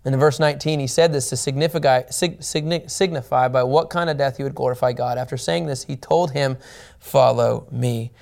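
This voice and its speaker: A man's voice: medium pitch, steady tone, brisk, gravelly, few pauses, a little mellow. A man teaching the Bible as a pastor, earnest and emphatic, repeating his key points.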